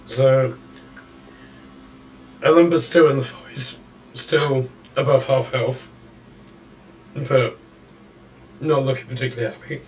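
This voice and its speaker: A man running a tabletop game as dungeon master, calling out the action in a measured play-by-play. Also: mid-range voice, steady tone, far from the mic, slight background noise, poor audio.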